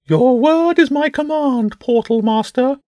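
Courtly, pompous pigeon, squeaky high and unhurried. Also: male voice, darkish tone, dry recording. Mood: grand. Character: pompous chirpy male pigeon, plump bird.

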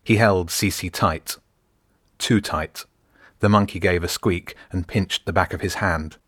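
Deep-voiced male audiobook narrator. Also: fairly even intonation, slightly rough, dry recording, clean studio sound. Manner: measured, gentle storytelling. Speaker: author and narrator.

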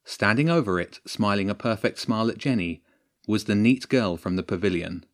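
A man reading a story aloud as narrator, at a measured, steady pace. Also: lowish voice. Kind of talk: audiobook narration.

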